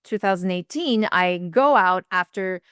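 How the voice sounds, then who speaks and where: A woman's voice: medium pitch, lively intonation, unhurried, fairly bright tone, smooth, no echo, clean studio sound. A woman relationship coach telling a personal story in a podcast interview, acting out quoted dialogue and laughing often.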